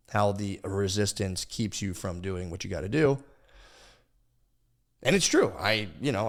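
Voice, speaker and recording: This man hosting a podcast has a creaky, medium-pitched voice. Chatting casually, he wanders off topic, puts himself down, curses frequently and often restarts what he's saying.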